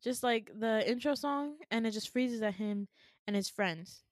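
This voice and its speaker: A woman's voice: a little high, unhurried, no room sound. A woman on a podcast recounts a dream in a loose, chatty way. She throws herself into the quoted lines, swearing and laughing as she goes. Her voice sits dry and close to the mic. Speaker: podcast co-host telling a dream. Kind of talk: casual storytelling chat.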